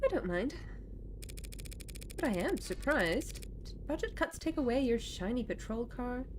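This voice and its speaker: A woman's voice: a little high, lively intonation, unhurried, slight background noise, pitched above the performer's own voice. Woman reading a wry defense attorney.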